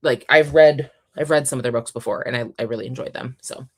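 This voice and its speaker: A woman's voice: rumbling low, fast, slightly rough. A young woman hosting a casual book livestream, reading out chat messages and gushing with frequent laughs and ums. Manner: chatty, gushing, laughs often, many ums.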